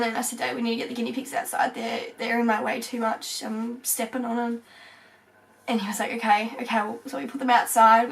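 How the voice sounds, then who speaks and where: A young woman from Australia tells a personal story to camera, halting and tearful, with many fillers and pauses. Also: a little high, creaky, distant mic, rough recording. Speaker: vlogger.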